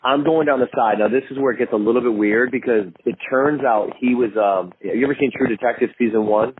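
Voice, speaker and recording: A man's voice: medium pitch, fairly quick. Man telling a story over a phone line. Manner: animated, acts out other people's lines in a raised voice. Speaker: guest filmmaker. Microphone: phone call. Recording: tinny phone line with faint hiss.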